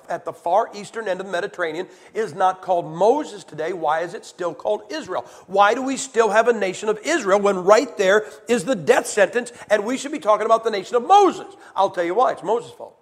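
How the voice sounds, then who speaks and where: High-voiced preacher, emphatic sermon. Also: male voice, expressive, fairly quick, few pauses. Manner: emphatic, shifts from hushed to shouted; acts out quoted voices with rising intensity.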